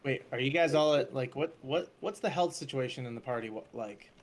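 A man's voice: mid-range voice, a little fast. A man playing a tabletop game with friends, cracking jokes and laying out his character's plans. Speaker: player. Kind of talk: casual tabletop game chat.

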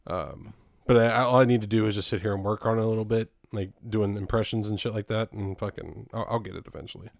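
A man's voice: fairly low pitch, steady tone, fast talker, gravelly, hardly any pauses, no room sound, studio quality. A man co-hosting a casual podcast, rambling with frequent laughs and casual swearing. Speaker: podcast co-host.

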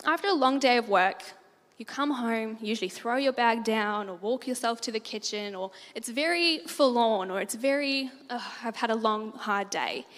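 A woman speaks to a church congregation, her voice sitting a little high. She tells stories in an animated way and laughs easily. Her voice rings out in a hall with a long reverb. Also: moderate pace. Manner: animated storyteller, laughs often.

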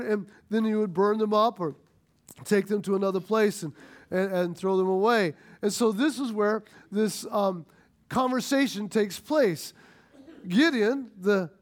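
A middle-aged man from the United States preaching a sermon, retelling a story and acting out its dialogue, with frequent restarts. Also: high voice. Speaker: pastor.

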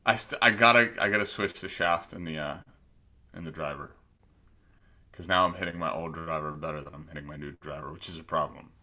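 A man's voice: very deep voice, a little fast. A man co-hosting a podcast, chatting loosely and joking about his week and baseball. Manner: loose, joking, animated storytelling. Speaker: podcast co-host. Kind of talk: casual podcast chat.

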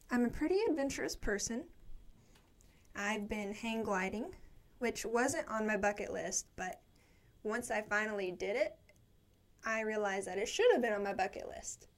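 A young woman chatting casually from a studio cubicle, rambling and upbeat as she reads viewer comments, a little out of breath. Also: on the high side. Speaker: live stream show host.

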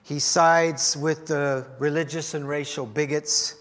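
High-voiced male pastor in a reverberant hall. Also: fairly even intonation, takes it slowly. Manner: storytelling, wry humor, rises and drops in loudness. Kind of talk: sermon.

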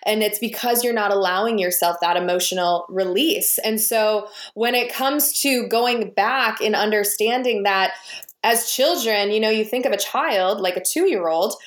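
A young woman talks earnestly and at length as an interview guest, reflective and steady at a mid pitch. Her voice sits in a roomy space with a noticeable echo. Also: moderate pace. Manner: earnest, reflective, talks in long flowing runs. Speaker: podcast guest. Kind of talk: conversational interview. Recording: roomy, echoey sound.

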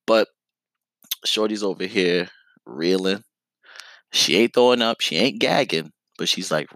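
Young man, casual storyteller, animated and profane; lowish voice with lots of swing, dry recording. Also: gravelly, no echo. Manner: animated, profane, slangy, lots of filler phrases.

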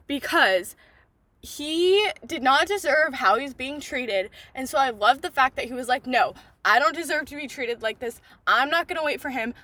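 A young woman hosting a podcast, gushing excitedly about a book in casual chat, swearing freely and saying "like" a lot. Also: high voice, dry recording. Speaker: podcast host.

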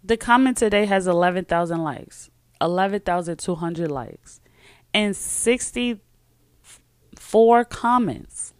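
A woman's voice: on the low side, lively intonation, unhurried, no echo. A woman hosting a podcast, talking on her own in a chatty, emphatic way and often trailing off and starting over. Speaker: podcast host. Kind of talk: casual solo talk with a read sponsor ad.

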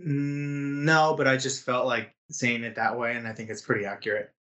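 A man co-hosting a casual podcast, talking in a relaxed, rambling way with lots of fillers. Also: medium pitch, normal speed. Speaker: podcast co-host. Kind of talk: casual chat.

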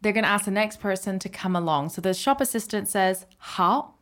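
A woman's voice: mid-range voice, quick pace. A woman teaching a language on a podcast, patiently explaining and often checking in with "right?". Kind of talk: podcast lesson.

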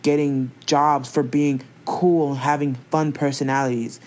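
A young woman in casual chat, talking in an animated, slangy, expressive way. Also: extremely low pitch, unhurried.

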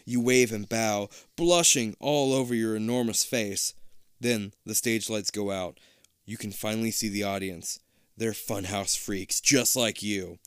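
A man reading a storybook aloud in a casual, animated way, tossing in jokey asides. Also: fairly low pitch, smooth, no room sound, clean studio sound. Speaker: reader.

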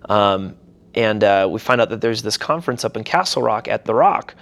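A man's voice: lowish voice, lively intonation, moderate pace, creaky, a bit bright. A young adult man, a pastor, telling a personal story casually in an interview and animatedly acting out quoted voices.

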